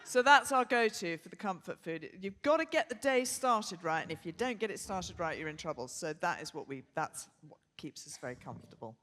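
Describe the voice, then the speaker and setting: Older English woman, live podcast co-host: bright, forceful voice, bossy and brisk, long theatre reverb. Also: lowish voice, animated, a little hiss or hum. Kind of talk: live podcast show chat. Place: theatre stage before a live audience.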